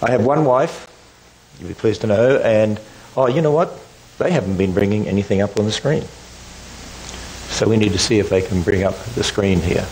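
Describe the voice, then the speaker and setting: Older Australian man, low-voiced lecturer. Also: normal speed, long pauses, darkish tone, slight background noise, rough recording. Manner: joking, conversational lecturing. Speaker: guest speaker. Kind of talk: public lecture. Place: university lecture room.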